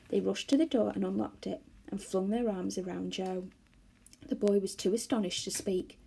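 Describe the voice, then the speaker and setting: A woman reading a children's novel aloud to schoolchildren, expressive and animated. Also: medium pitch, breathy edge. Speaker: storyteller for schoolchildren.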